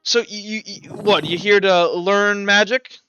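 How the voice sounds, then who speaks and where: A man's voice: high voice, fairly even intonation, unhurried, pushed and bright, soft background music, rough recording. A man voicing a grumpy, cursing pipe smoker whose fingers smoulder like embers. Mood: gruff. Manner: cursing, irritable.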